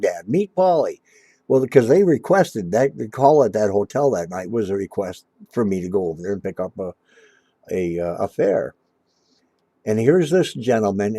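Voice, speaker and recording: A man's voice: fairly low pitch, dark tone, dry recording. A middle-aged man telling a long personal story in a casual, rambling way, often restarting his sentences. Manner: rambling, restarts often, acts out quoted lines. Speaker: storyteller recalling his cab-driving days.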